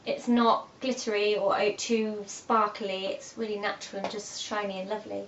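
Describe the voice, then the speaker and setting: A woman's voice: medium pitch, little pitch movement, normal speed, a bit bright. A young woman, chatting and giggling as she talks through her favourite makeup products. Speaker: beauty vlogger. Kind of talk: casual chat about makeup favourites. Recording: echoey dull room audio with faint hiss.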